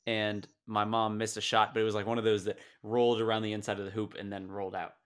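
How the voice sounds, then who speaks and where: A man's voice: on the low side, fast talker, clean tone. A young man co-hosting a podcast, chatting playfully and laughing often. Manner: playful, laughs often, animated when retelling. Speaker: podcast co-host. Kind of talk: casual chat.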